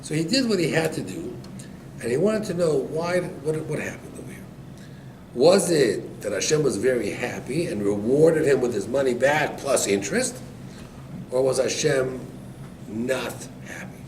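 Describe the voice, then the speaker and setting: Animated rabbi telling a story, echoey. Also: male voice, mid-range voice, moderate pace. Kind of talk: storytelling Torah class. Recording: echoey room, distant mic, background noise.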